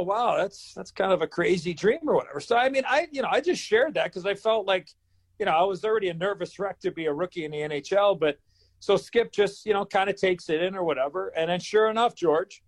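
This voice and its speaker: A man in his fifties, a former hockey player, telling a story in an interview and acting out the dialogue. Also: on the high side. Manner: animated storyteller who acts out dialogue.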